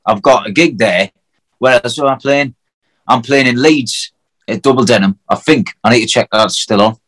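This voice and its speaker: A man's voice: mid-range voice, a bit bright, rough recording. A man from Hartlepool with a North East English accent, an acoustic singer-songwriter chatting casually, swearing freely and full of fillers. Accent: Hartlepool, North East England. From Hartlepool, England. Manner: swearing, fast, lots of fillers. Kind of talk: casual chat.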